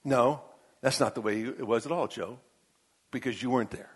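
A male pastor preaching a sermon, reading scripture aloud and addressing Job directly, swinging from booming to hushed. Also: normal speed, slightly rough.

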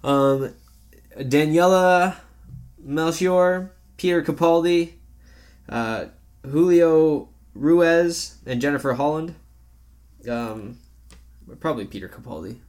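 A man's voice: a little high, slow, long pauses, darkish tone. A man co-hosting a casual podcast chat, rambling and joking, with plenty of swearing. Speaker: podcast co-host.

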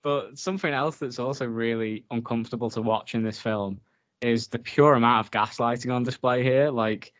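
A man talks casually as a podcast co-host, mid-pitched, swearing freely and leaning on filler words. The audio is dull and lo-fi. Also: fairly even intonation, normal speed. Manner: chatty, swears often, filler-heavy. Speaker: podcast co-host reviewing a film. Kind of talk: casual chat.

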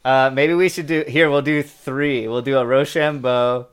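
A man's voice: medium pitch, steady tone, moderate pace, smooth. A man co-hosting a podcast in casual comedic chat, joking and laughing often. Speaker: podcast co-host.

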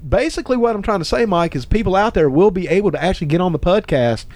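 A man in loose podcast chat, voice set a little high and swinging widely as he laughs and swears through a story. He acts out his friends' lines as he goes. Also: lively intonation, fast, darkish tone, dry recording. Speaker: podcast co-host.

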